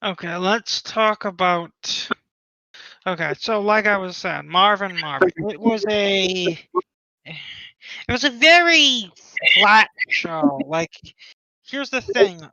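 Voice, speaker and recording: Slow, bright-voiced man chatting casually. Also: high-pitched, gravelly, no room sound, muffled recording. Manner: rambling, restarts, offhand opinions. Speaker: podcast co-host. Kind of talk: casual chat.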